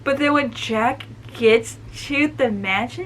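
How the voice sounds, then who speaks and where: A woman's voice: fairly high pitch, slow pace, hardly any pauses, slight background noise, low-quality recording. A woman giving a casual, chatty book review recap, talking animatedly and filling her sentences with "like". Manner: chatty and animated, many "like" fillers.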